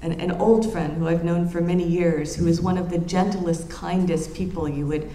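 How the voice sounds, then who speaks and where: A woman giving an academic lecture in an earnest, reflective way, often pausing and restarting her phrases. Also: lowish voice, fairly even intonation, mellow. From United States. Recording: roomy lecture room with faint ambience.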